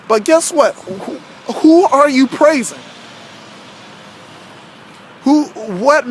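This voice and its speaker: A man with a notably high voice preaches in an easygoing, rambling way, as if straight to camera. He circles back on his points, fires off rhetorical questions and keeps checking in with "you know what I'm saying.". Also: a little hiss or hum. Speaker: vlogger preaching to viewers. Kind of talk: casual preaching monologue.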